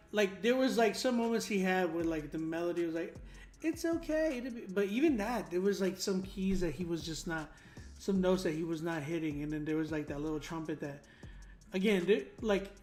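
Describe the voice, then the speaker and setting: A man's voice: on the high side, darkish tone. A man hosting a casual livestream, critiquing submitted songs in a laid-back way with lots of fillers, sometimes humming drum patterns to make a point. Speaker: host reviewing submitted songs.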